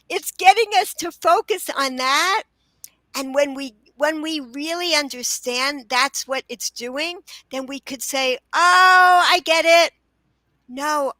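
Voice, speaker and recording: High, bright-voiced earnest woman author. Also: dry recording, rough recording. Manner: earnest, stumbles and restarts when excited. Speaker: children's book author, guest. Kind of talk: podcast interview.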